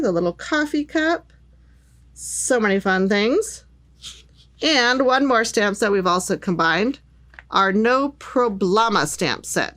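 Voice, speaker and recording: A woman's voice: fairly high pitch, fairly bright tone. A middle-aged woman demonstrating craft stamps with a bubbly, gushing manner. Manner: bubbly and gushing, lots of "little" and "cute". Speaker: craft product presenter. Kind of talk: product demonstration.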